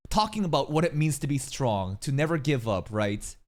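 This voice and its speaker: A man streaming a casual reaction to a video, crude and excitable, stammering and laughing as he talks. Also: medium pitch, normal speed.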